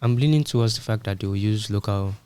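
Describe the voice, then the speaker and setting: A man co-hosts a tech podcast, explaining things casually and conversationally with everyday analogies. His voice is on the low side, dark, clear and resonant, and he talks fast.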